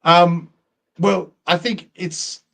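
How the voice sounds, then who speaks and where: A man's voice: high voice, level tone, extremely slow, gravelly, a bit bright. A middle-aged man, co-hosting and telling a long rambling story in casual chat. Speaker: co-host.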